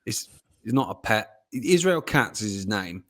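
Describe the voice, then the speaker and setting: A man's voice: on the low side, big pitch swings, unhurried, fairly bright tone. Blunt, sweary man. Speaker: podcast co-host. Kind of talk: casual chat.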